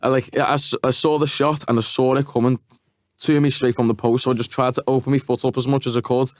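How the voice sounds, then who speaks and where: A man's voice: medium pitch, level tone, fast talker, no room sound. A man as a podcast guest in a studio, talking casually and hesitantly with laughs. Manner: hesitant, many fillers and restarts, laughs. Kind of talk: casual chat.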